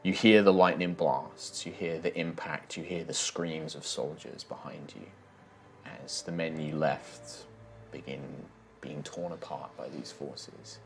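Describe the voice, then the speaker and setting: A man's voice: a bass voice, steady tone, a little slow, a little hiss or hum. A man narrating a fantasy tabletop game as dungeon master, describing scenes vividly with some fillers.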